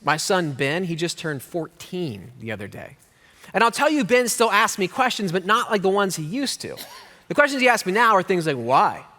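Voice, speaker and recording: A middle-aged man preaching a sermon as pastor, telling stories with jokes and playful voices. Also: high-pitched. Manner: animated storyteller with jokes and playful put-on voices. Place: church hall. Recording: long hall reverb.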